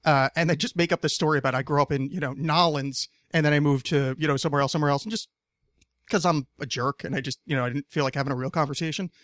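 A man's voice: a little high, fairly even intonation, fast talker, a bit bright, no echo, studio quality. A man from New Jersey hosting a casual podcast chat, rambling and profane, stammering through many restarts. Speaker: podcast host.

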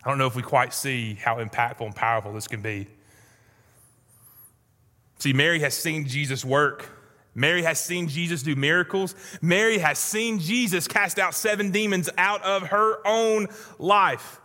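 A man preaching a sermon as pastor, earnest and pleading, swinging from soft, low lines to urgent ones. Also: big-room sound.

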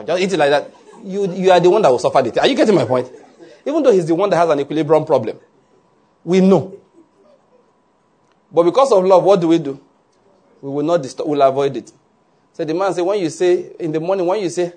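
A man pastor preaching a sermon with animated delivery, often checking "are you getting my point?". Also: a little high, brisk, slightly rough.

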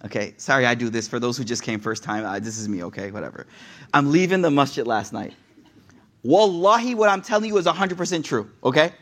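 A young man giving a casual sermon, an animated, digressive storyteller who talks straight to the audience. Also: mid-range voice, fairly quick. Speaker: preacher.

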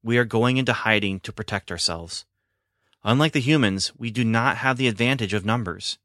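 A man voicing a solemn male Sasquatch elder in a story reading, speaking in slow, deliberate warnings. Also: fairly low pitch, fairly bright tone, no room sound, clean studio sound, lightly acted.

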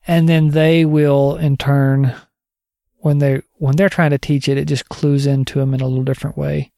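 A man's voice: a little high, little pitch movement, moderate pace, creaky, mellow, dry recording, studio quality. A man giving a casual spoken teaching update on discipling others, conversational and digressive, thinking aloud as he goes.

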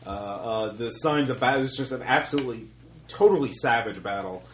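A man narrates as dungeon master at a gaming table, his voice mid-pitched and halting, full of ums and uhs as he describes the scene. The room around him is echoey, with a faint hiss of noise beneath. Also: lively intonation. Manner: halting, many fillers. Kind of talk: narrating a tabletop game session.

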